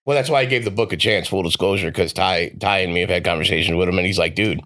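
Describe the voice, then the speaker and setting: Lowish-voiced dude cohosting a podcast, frank and casual. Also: male voice, quick pace, fairly bright tone. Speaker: podcast co-host.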